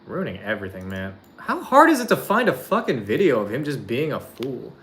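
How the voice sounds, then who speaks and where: Rambling, foul-mouthed streamer with a lively pitch. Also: a little fast, a little hiss or hum. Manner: rambling, swears often, heavy use of "like"; laughs while describing a clip. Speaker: streamer talking to chat. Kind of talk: casual stream chat.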